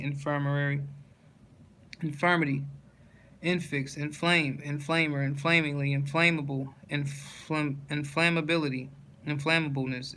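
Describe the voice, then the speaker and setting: A man's voice: fairly high pitch, a little hiss or hum. A man steadily reading dictionary words aloud as a list in a level, unvaried delivery, stumbling and restarting on some words. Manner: flat monotone list reading with slips and restarts. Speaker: channel host reading dictionary entries.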